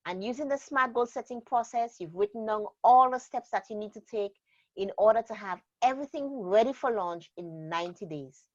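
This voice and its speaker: A woman trainer explaining a method in an interview, speaking deliberately and stressing key words. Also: a little high. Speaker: productivity trainer. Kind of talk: instructional interview talk. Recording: slightly dull lo-fi sound.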